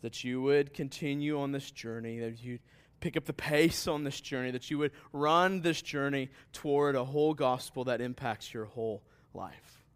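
A man preaching a sermon in a relaxed, conversational way, with asides to the congregation. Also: medium pitch, normal speed, few pauses, clear, resonant tone. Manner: conversational preaching that rises to emphatic scripture reading. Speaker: pastor.

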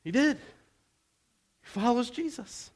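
A man preaching a sermon, swinging between loud exhortation and hushed softness and asking rhetorical questions. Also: very high voice, lively intonation, slow. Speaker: pastor.

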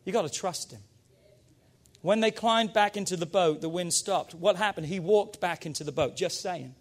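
Male pastor, high-pitched voice, fervent emphatic sermon delivery. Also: normal speed. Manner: energetic, emphatic preaching with call-and-response urging.

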